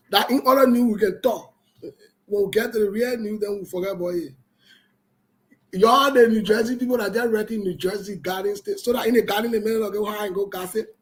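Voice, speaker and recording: A man hosting a livestream, chatting casually and teasing viewers in a playful, repetitive way. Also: high-pitched. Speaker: online show host. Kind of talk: casual livestream chat reading viewer comments.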